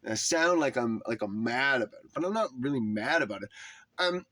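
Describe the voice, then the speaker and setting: A man in a fiery, swear-laden rant to camera, hammering each point with emphatic force. His voice sits at an ordinary middle pitch and sounds close and dry, with no room echo. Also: lively intonation, a little fast, sharp tone. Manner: heated, emphatic, swearing often. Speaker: religious commentator.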